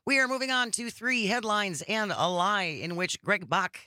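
A man with a bright, slightly high voice introduces a podcast game segment with playful banter. His pitch swings widely, and the sound is dry and close. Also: moderate pace, no room sound. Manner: playful banter, animated intonation. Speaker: co-host guessing the lie. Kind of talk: casual podcast chat.

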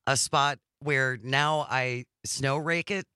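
A man's voice: mid-range voice, steady tone, slow pace, pushed and bright, clean tone, no echo. A middle-aged man hosting a radio talk show in a studio, chatting easily and joking with his co-host. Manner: easygoing, joking, reads texts and station breaks. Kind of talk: casual radio chat.

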